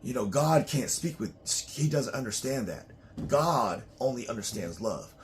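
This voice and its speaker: A man's voice: medium pitch, expressive, a little slow, slight background noise. A man talking casually in a loose, profane, rambling monologue to his own channel, often breaking into laughs. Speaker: vlogger.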